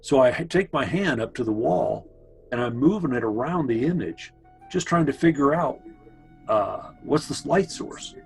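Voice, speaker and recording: Faint music sits behind a mid-range male voice with lively intonation and vocal fry, at normal speed, in poor audio. He recounts old family stories to his brother conversationally, rambling and pausing for asides to him.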